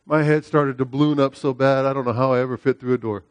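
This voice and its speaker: A middle-aged male preacher delivering a sermon, leaning on repeated phrases and frequent "right?" checks. His voice moves between loud, high-pitched exhortation and hushed storytelling. The sound is dry and close, with no room echo. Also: steady tone, fast talker, clear, resonant tone. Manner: emphatic, repeats phrases, asks "right?" often.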